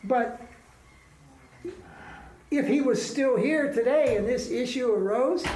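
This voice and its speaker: A man's voice: extremely high pitch, slow pace, long pauses, darkish tone, a little hiss or hum. Guy giving a spiritual class, emphatic and chatty, lots of rhetorical questions, echoey room. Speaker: swami teaching a class. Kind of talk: informal spiritual class talk. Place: ashram classroom. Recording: roomy echo.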